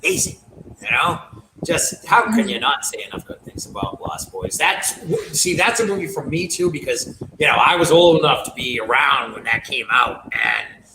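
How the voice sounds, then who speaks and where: Casual male podcast co-host with a higher voice, rambling and profane, in an echoey, noisy home setup. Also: sing-song, moderate pace. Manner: loose, rambling, swears freely. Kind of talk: casual horror podcast chat. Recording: echoey room with background noise.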